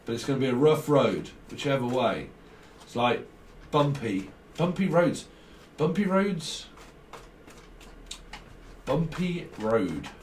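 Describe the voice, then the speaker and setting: With lively intonation in a mid-range voice, a tarot reader takes his time through a casual reading, rambling from association to association and chuckling regularly. The recording, made from a distance, sounds roomy with faint background hiss.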